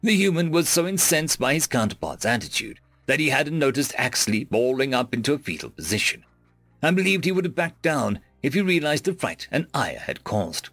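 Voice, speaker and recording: A man reading a sci-fi story aloud in first person as an audiobook narrator, with expressive, varied delivery. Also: mid-range voice, moderate pace, no room sound. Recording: dry close mic with faint music.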